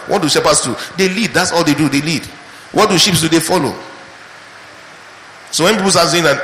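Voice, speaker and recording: A man preaching a sermon, asking the audience questions and quoting scripture in a slow, hushed voice. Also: mid-range voice, a little hiss or hum. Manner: rhetorical questions, rising to loud emphatic peaks. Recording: echoey hall with faint ambience.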